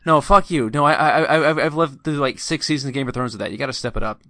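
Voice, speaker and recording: Man, bright tense voice, frank, swears, casual chat, dry sound. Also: mid-range voice, quick pace, no room sound.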